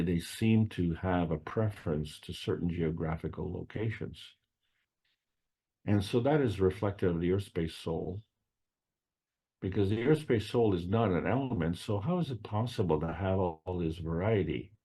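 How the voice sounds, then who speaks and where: A man's voice: sits low, normal speed, mellow, husky. A man giving an unscripted spiritual lecture, meandering and repeating phrases, often posing rhetorical questions.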